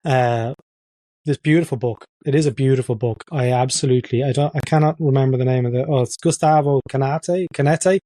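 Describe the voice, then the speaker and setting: A man's voice: medium pitch, fairly even intonation, fairly quick, warm tone, dry recording. A man hosting a podcast interview, chatty and self-deprecating. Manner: chatty, self-deprecating, loves putting on accents. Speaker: podcast host. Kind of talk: casual interview chat.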